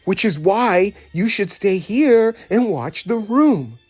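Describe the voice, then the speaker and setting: A man's voice: high-pitched, animated, slow pace, a little mellow, no room sound, pitched above the performer's own voice, exaggerated voice. A man voicing a bossy, self-assured cowboy toy in a storybook reading. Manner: warning, explaining.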